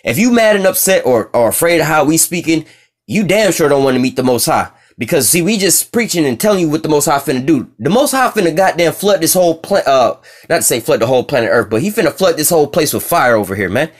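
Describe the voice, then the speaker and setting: Fast-talking man preaching a fiery sermon. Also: on the high side, animated. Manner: coarse, profane, repeats "you see what I'm saying". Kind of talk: fiery scripture-reading sermon.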